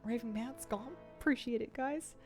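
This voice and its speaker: A woman streaming a video game, chatting casually with her viewers, laughing often and switching to high baby talk with her pets. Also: normal speed, darkish tone, faint music behind.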